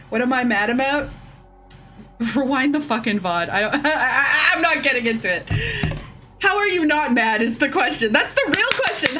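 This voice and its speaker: A woman's voice: high voice, animated, moderate pace, pushed and bright, soft background music. A woman streamer ranting heatedly and profanely to her chat, taking drinks as she goes. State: drinking shots. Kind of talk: casual livestream rant.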